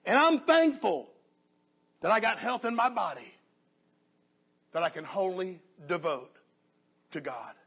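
A man preaching a sermon earnestly, often dropping to a soft hush on key phrases. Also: sits high, animated, measured pace, long pauses, husky.

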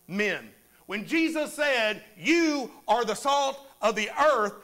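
A high-pitched man preaching to his church. His voice is bright and forceful, and he talks slowly and deliberately, drawing amens from the congregation. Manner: preaching with call-and-response amens. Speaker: pastor. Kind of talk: sermon.

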